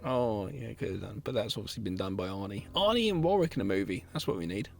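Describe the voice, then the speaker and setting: A man's voice: on the low side, lively intonation, fast talker, creaky, a little mellow. Chatty man teasing his co-host. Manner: chatty, jumps in with jokes and teasing asides. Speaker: podcast co-host. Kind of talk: casual film review chat.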